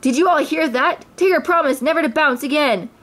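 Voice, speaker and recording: A woman's voice: sits high, fairly quick, fairly bright tone, voice pushed up. A woman voicing a fussy, insistent male rabbit in a read-aloud storybook. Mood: gleeful.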